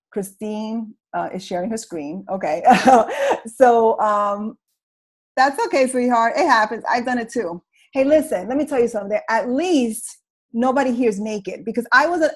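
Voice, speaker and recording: Woman, middle-aged, comical, slangy storyteller, animated, video call. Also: fairly high pitch, breathy edge, low-quality recording. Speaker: guest speaker sharing her story. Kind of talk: casual motivational talk on a video call.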